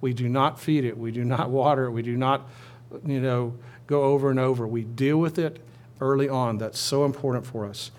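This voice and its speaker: A pastor preaches a sermon conversationally, often restarting his phrases and leading listeners in a responsive reading. His mid-range, slightly mellow voice has fairly even intonation and a moderate pace.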